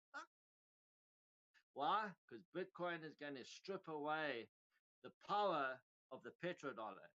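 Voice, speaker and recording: A man's voice: a little high, sharp tone. A middle-aged man hosting a crypto livestream, ranting casually in a profane, rambling, heated way. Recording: dull lo-fi sound.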